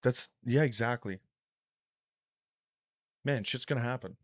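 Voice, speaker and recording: Swearing, animated podcast guy. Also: medium pitch, a little slow, dry recording, clean studio sound. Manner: swearing, animated retelling with act-outs. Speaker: podcast co-host. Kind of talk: casual chat.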